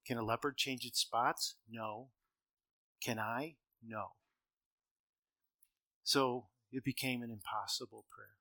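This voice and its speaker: A middle-aged male preacher with a bright, forward tone delivers a sermon to a large gathering. He tells his stories with strong swings in loudness, pushing some lines out and dropping others almost to a murmur. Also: medium pitch, fairly even intonation, slow pace, long pauses. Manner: storytelling with shifts between loud emphasis and quiet.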